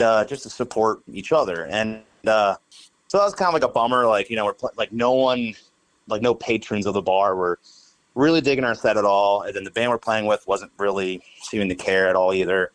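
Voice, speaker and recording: Speaking in a fairly low voice over a low-quality recording, a young man who works as a guitarist and studio engineer tells a meandering story as a podcast guest, leaning heavily on "like" and other fillers.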